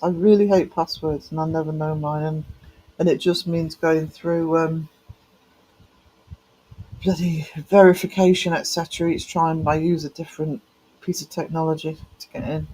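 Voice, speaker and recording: A man live-streams and chats casually with his viewers, greeting them by name with affectionate pet names while his voice cracks a little. His voice is on the high side with a darkish tone, and the recording is rough.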